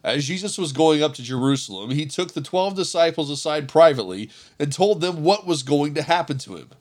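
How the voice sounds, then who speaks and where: A man reading a Bible passage aloud in a measured, earnest narrating voice. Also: a little high, animated, darkish tone. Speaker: scripture reader. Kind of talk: scripture reading.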